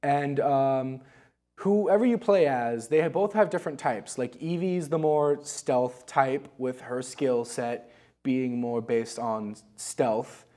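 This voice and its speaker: A man's voice: mid-range voice, takes it slowly, dark tone. A man co-hosting a video game show, chatting loosely and rambling through a review, laughing at his own stories. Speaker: co-host of a gaming show. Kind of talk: casual game review chat.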